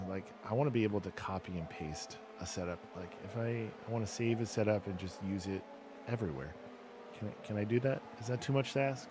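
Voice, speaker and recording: A low-pitched man gives relaxed, self-mocking play-by-play while streaming a racing game. He talks through his race results and tunes his car setup out loud. A faint hum sits behind his voice. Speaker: gaming streamer. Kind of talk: casual live gameplay commentary.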